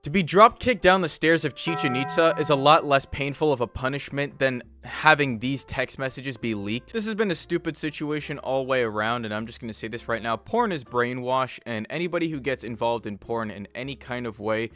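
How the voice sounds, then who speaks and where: A man's voice: mid-range voice, expressive, brisk, few pauses, bright, forceful tone. A man hosting a commentary vlog, mocking and crude, with a sarcastic edge. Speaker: channel host.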